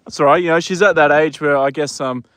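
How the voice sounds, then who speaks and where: A man's voice: a little high, steady tone, quick pace, fairly bright tone, a little hiss or hum. Give me a young man chatting casually on a livestream from a horse paddock, rambling, swearing lightly and talking to his horse between stories. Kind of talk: casual live chat.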